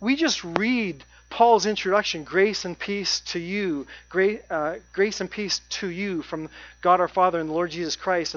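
A preacher giving a sermon, stressing key points by repeating phrases and slowing down on them. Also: mid-range voice, fairly bright tone. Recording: dry, dull lo-fi sound.

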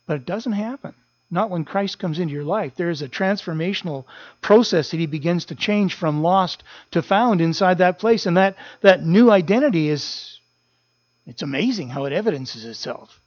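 A man's voice: high-pitched, expressive, normal speed, dry recording, highs cut off. A man preaching a sermon as a pastor, earnest, repeating key phrases for emphasis.

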